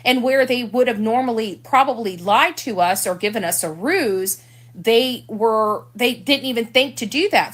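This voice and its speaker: Woman in a video clip, slightly high voice, defensive and aggrieved. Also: normal speed, a bit bright. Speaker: person in a played video clip.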